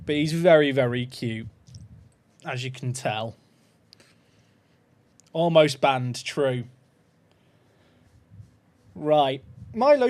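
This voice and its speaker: A man hosting a casual livestream, sleep-deprived, cooing softly at a puppy and chatting upbeat with viewers. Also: a little high. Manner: coos softly at a puppy, then chats upbeat with his viewers. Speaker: livestream host.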